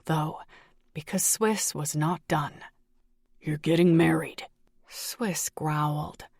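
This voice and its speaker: A woman's voice: on the low side, no room sound, studio quality. A woman reading a first-person romance audiobook, acting out the dialogue in shifting voices. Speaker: audiobook narrator.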